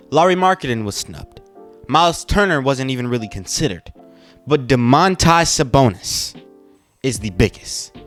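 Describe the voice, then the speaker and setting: A man's voice: mid-range voice, fairly bright tone. A man hosting a sports podcast, ranting casually and emphatically with indignant rhetorical questions. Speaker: podcast host.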